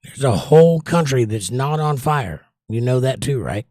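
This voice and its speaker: A man's voice: medium pitch, lively intonation, moderate pace, mellow, no room sound, studio quality. A man hosting a casual livestream, reading out viewer comments and answering them in an opinionated, sarcastic rant. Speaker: livestream host.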